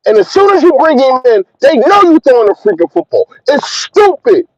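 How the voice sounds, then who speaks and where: A man's voice: very high-pitched, sing-song, fast, no room sound, dull audio. A man hosting a fan livestream, ranting in a heated, emphatic way and repeating his points. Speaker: fan channel host.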